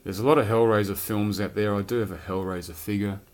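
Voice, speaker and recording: A film collector rambles casually about his collection, swearing every so often. His voice sits on the low side with a steady, darkish tone, and he talks fast.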